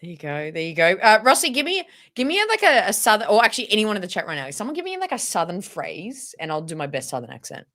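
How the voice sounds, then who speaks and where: A woman's voice: mid-range voice, wildly swooping pitch, fast talker, few pauses, fairly bright tone. A woman hosting a casual livestream chat, bubbly and laughing often, with frequent repeated words. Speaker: livestream host.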